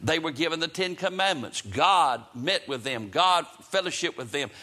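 A man's voice: a little high, lively intonation, normal speed, pushed and bright. A man preaching a fervent sermon in a church, repeating phrases for emphasis and leading a prayer. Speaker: pastor. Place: church sanctuary, broadcast on radio and internet.

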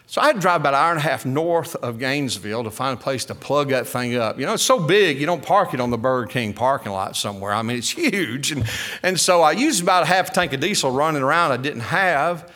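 A man in his sixties with a Mississippi Southern accent, a preacher telling a story in a sermon in a folksy, animated way. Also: mid-range voice, fast. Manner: folksy, animated, acts out the voices of others.

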